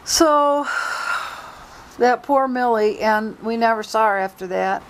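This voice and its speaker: A woman's voice: a little high, takes it slowly, poor audio. A woman vlogger telling a story casually and retelling quoted dialogue in her own talk.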